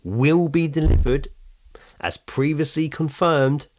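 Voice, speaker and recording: A man's voice: a little high, a little slow, a little mellow. Male podcast co-host, aching tooth, dry self-mocking humor, casual chat. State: in tooth pain. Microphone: podcast mic with headphones.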